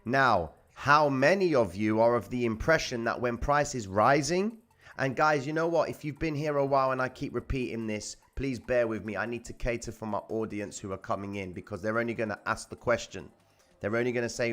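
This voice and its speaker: A man's voice: mid-range voice, a little fast, a bit bright. A man hosting a trading live stream, teaching viewers in a casual, blunt way, swearing freely and repeating his points to the chat.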